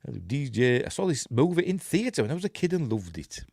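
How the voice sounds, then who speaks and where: A man's voice: fairly high pitch, very animated, quick pace, darkish tone, husky, no room sound, studio quality. Yorkshire man rambling through a film review. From Yorkshire, England. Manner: rambling, chuckling asides, many fillers. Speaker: host of a film review show. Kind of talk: casual film breakdown, chatting with live viewers.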